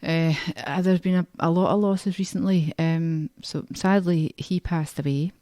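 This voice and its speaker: A Scottish woman co-hosting a casual radio show, with a mellow, warm voice. She talks in a chatty way and rambles through her sentences. The sound is close and dry. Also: fairly low pitch, steady tone, a little slow, dry recording. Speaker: radio host.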